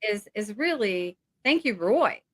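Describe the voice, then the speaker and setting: A woman's voice: medium pitch, expressive, measured pace, no room sound. A middle-aged woman talking as an interview guest over a video call, rambling and emotional with many fillers.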